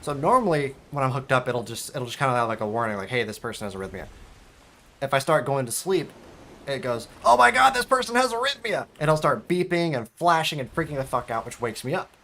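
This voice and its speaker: A young man streaming a game, telling a story in a casual, swearing, animated way and squeaking out high alarm noises. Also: fairly quick. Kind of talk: casual storytelling while gaming.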